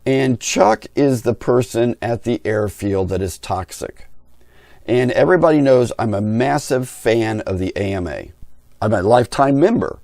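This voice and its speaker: Middle-aged male vlogger, opinionated storyteller, relaxed dark timbre, dry. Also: mid-range voice, moderate pace, gravelly, dry recording. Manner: blunt, opinionated, talks with his hands in words. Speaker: RC pilot and channel host. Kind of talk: candid storytelling rant.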